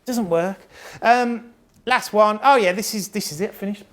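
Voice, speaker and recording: Talking live to a crowd about autism and behaviour, this parent has a British accent and a medium, slightly bright voice at a moderate pace. The delivery is chatty, blunt and jokey, with frequent laughter, casual swearing and quotes acted out.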